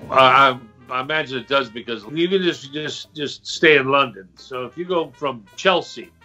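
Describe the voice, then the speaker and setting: An older man, a voice actor, telling relaxed interview stories and slipping into accents now and then. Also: mid-range voice, moderate pace, lo-fi sound, soft background music. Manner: relaxed storyteller who slips into accents. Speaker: voice actor guest. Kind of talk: interview anecdotes.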